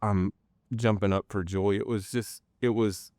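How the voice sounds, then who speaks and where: A man telling his personal faith testimony in an interview, earnest and halting, with many pauses and restarts. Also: on the low side, steady tone, a little mellow, dry recording. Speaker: guest sharing a personal testimony.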